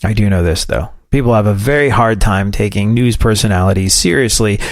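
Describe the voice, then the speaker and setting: A man's voice: fairly low pitch, fairly quick, dry recording, clean studio sound. A man from New York with a New York accent, hosting a commentary show in a sarcastic, wry way. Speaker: host.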